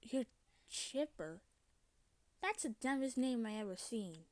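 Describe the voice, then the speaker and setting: A woman voicing a kind, soft-hearted young female mermaid who drawls and says y'all, in a fan voice-acting story. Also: fairly high pitch, lively intonation, measured pace, no echo. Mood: sad, troubled.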